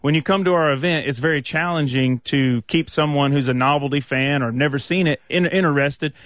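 A man's voice: a little high, fairly quick, fairly bright tone, dry recording. A man in his thirties from Louisiana with a Southern US accent, chatting easily in a radio studio interview as a rodeo entertainer. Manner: easygoing, chatty with frequent fillers. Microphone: studio microphone.

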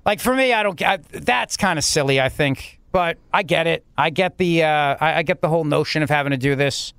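Man, radio talk host, high clear voice, dry studio, indignant rambling. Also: brisk, a bit bright, no echo. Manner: indignant, rambling, many restarts. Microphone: studio mic.

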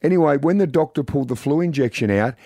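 A man's voice: a little high, fast, no echo. A middle-aged Australian man hosting a radio show, telling stories in casual chat and acting out the people he quotes. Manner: animated storyteller, acts out quotes. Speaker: radio host. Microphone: studio microphone.

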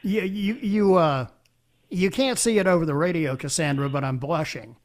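Older male talk radio host, folksy. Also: fairly high pitch. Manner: folksy, halting, with many fillers and restarts. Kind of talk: radio call-in show hosting. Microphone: studio microphone.

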